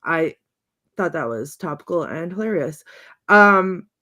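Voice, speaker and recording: A woman's voice: on the low side, measured pace. A woman co-hosting a casual podcast chat, talking with gusto as she reads out favorite movie lines. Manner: animated, reads quotes aloud with gusto. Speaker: podcast co-host.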